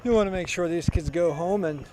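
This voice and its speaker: Higher-voiced man as color commentator. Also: a little fast, mellow. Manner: chatty, joking asides, reads out substitutions. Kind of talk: casual sports commentary. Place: outdoor soccer field. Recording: faint outdoor noise.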